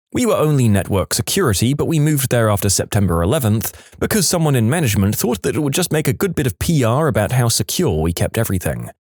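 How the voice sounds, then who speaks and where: A man's voice: mid-range voice, a little mellow, no room sound. A man narrating a series of short workplace stories in a scripted voice-over, adding his own dry asides between them.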